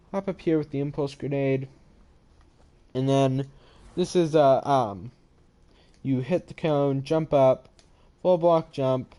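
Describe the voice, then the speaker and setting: A man's voice: mid-range voice, warm tone. A young man casually walking through his own game maps, rambling, with a yawny, sleepy manner, on a headset microphone. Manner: rambling, sleepy, yawning and apologizing. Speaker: gaming channel host. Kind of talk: casual game map walkthrough. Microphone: head-mounted microphone.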